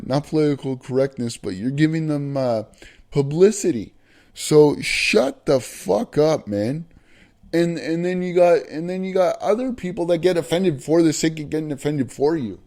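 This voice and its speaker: A man ranting bluntly in an opinion vlog, profane and emphatic, slowing down to hammer his points. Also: a little high, warm tone. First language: not American. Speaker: vlogger.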